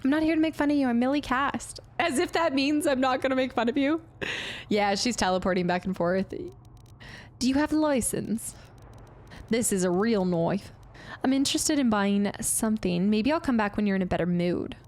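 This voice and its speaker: Chatty high-voiced woman streamer. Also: moderate pace, a little mellow. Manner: chatty, giggly, reads chat aloud. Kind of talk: live gameplay commentary.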